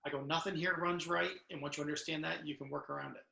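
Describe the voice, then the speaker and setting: A man in his fifties with a gravelly, fairly high voice, recounting his years on the job in a loose, anecdotal way and acting out the lines of the people in his stories. He is recorded over a video call in an echoey room. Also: steady tone, fast, sharp tone. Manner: storytelling, acts out dialogue, many restarts. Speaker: author and retired correctional officer. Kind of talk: conversational interview answers.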